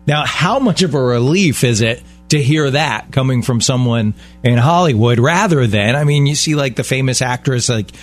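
A middle-aged man co-hosting a casual talk show, animated and emphatic, with a playful streak. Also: mid-range voice, normal speed, few pauses, soft background music. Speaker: radio co-host. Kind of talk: casual chat.

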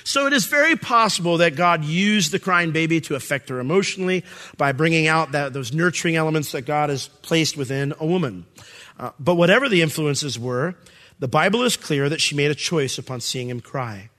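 A middle-aged male pastor preaching a sermon, animated and quick to act out voices, with plenty of fillers and restarts. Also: a little high.

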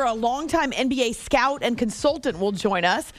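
A Southern US woman hosts a casual sports talk radio show, chatting and laughing as she reads listener messages into a studio microphone. Her voice is a little high and expressive, her pace moderate, with music playing in the background.

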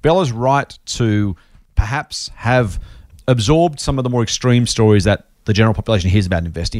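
Jokey host, dry close sound. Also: male voice, fairly low pitch, dry recording. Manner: jokey, reads listener mail aloud with lively emphasis. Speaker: podcast host. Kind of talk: casual podcast chat.

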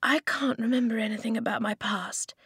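An anxious young girl whispers urgently and eagerly, her hushed voice climbing higher, as a woman narrator puts her on. The sound is dry and close to the mic. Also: fairly even intonation, fairly quick, breathy edge, no echo, exaggerated voice. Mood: earnest.

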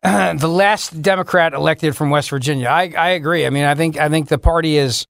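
Combative high-voiced talk radio host. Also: male voice, fairly quick, gravelly, fairly bright tone, no echo. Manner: combative, sarcastic, mocking. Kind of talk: opinionated political talk radio monologue.

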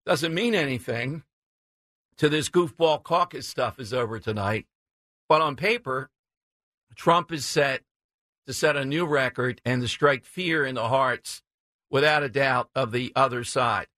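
A man's voice: medium pitch, a little slow, pushed and bright, no echo, studio quality. A man hosting a talk radio show, giving brash, opinionated political commentary with chuckling asides.

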